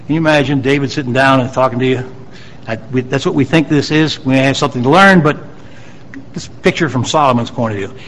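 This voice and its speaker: A pastor preaches a sermon to his congregation, reading scripture aloud and driving home key lines with rising emphasis. His voice is medium-pitched and fairly bright, his pace brisk, and the recording rough.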